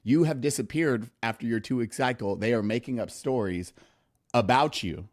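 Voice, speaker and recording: A man's voice: medium pitch, normal speed. A man with an ordinary mid-range voice chimes in on a stream. He teases his friend with playful exaggeration. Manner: teasing, spins playful exaggerations.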